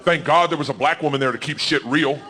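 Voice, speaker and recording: A man, doing a stand-up comedy set, telling a crude story loudly and with animation. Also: on the high side, quick pace. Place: comedy club stage. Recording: live club recording with audience noise.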